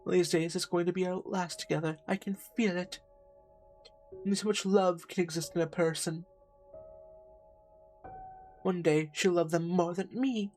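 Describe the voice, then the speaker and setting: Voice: mid-range voice, steady tone, measured pace, pauses often, darkish tone, faint music behind, natural voice. A streamer reading a lonely, jealous partner's lines with bitter sarcasm while playing a narrative game. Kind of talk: voicing a game character.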